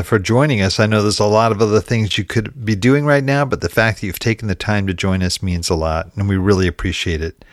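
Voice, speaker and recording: A man's voice: fairly low pitch, dry recording, clean studio sound. A man hosting a podcast interview, folksy and upbeat in his sign-offs. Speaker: podcast host.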